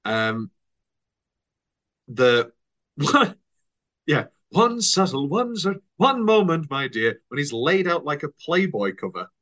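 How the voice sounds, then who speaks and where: Brief: lively male co-host, slow delivery, jokey and animated. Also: on the high side. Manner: animated, joking, laughing often. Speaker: podcast co-host. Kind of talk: casual chat.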